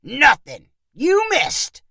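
A woman's voice: high-pitched, wildly swooping pitch, very slow, sharp tone, dry recording, studio quality, pitched above the performer's own voice, full character voice. A woman doing a taunting rowdy cowboy. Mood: mocking. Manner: taunting, laughing. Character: rowdy mocking male ranch visitor.

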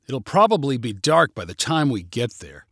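Storybook voice, sarcastic grumbling young man, read by a male narrator, skeptical, mid-pitched, dry close sound. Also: big pitch swings, normal speed, a bit bright, no echo.

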